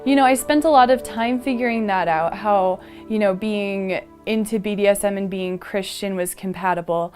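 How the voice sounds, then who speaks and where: A woman's voice: medium pitch, normal speed, hardly any pauses, a little mellow, soft background music. A woman speaking candidly and reflectively in a documentary interview.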